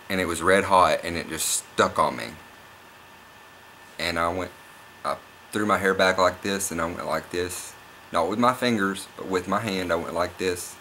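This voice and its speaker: A young Oklahoma vlogger with a low, bright-edged voice tells a story straight to camera. He rambles and repeats himself, growing more and more excited, while a faint hiss runs under the recording.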